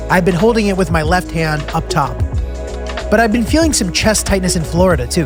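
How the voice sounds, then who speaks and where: A young American man narrates his road trip in a loose, self-mocking voice-over. His voice sits high. Clear background music runs under the narration. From United States. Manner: casual, self-deprecating, filler-heavy. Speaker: travel vlog narrator. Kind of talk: scripted travel narration.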